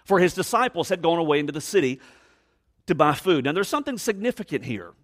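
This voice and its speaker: A man preaching a sermon, reading scripture and explaining it with expressive emphasis, dropping to hushed tones and acting out quoted voices. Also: a little high, fast talker. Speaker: pastor.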